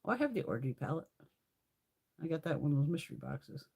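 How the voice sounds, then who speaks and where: This is a woman in middle age hosting a casual live stream. Her voice has a husky, breathy edge and leaps around in pitch as she tells stories. She swears freely and laughs often. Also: fast. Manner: profane, animated storytelling with frequent laughs. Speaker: livestream host.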